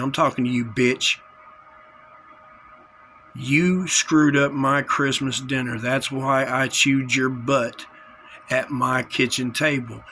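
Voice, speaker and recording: A man's voice: mid-range voice, sharp tone, a little hiss or hum, rough recording. A man delivering an angry, confrontational vlog rant, full of threats and repetition. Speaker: vlogger. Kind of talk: angry direct-to-camera rant.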